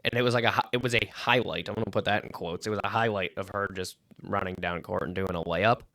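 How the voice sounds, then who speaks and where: A man co-hosting a casual sports podcast, telling stories with lots of swearing and acting out quotes loudly. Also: low-pitched, fast, no echo. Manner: animated storyteller, swears freely, acts out quotes loudly. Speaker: podcast co-host.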